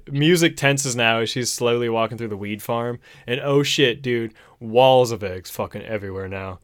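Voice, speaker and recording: A young man hosting a casual talk show, excitedly and profanely retelling a movie plot and saying "dude" often. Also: medium pitch, moderate pace, no echo, studio quality. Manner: excitable, profane storytelling, says "dude" a lot. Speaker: podcast host. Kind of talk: casual movie recap chat.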